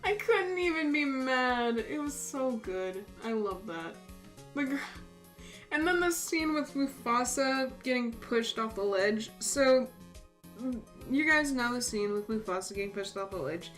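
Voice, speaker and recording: Giggly high-voiced young woman. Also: a little slow. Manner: giggly, animated, laughs often. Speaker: streamer. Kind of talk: casual storytelling while drawing. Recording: faint music playing behind.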